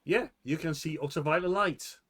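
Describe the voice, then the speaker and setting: A man narrating as game master of a tabletop role-playing game, animated and quick to shift into character calls. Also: on the high side, slightly rough.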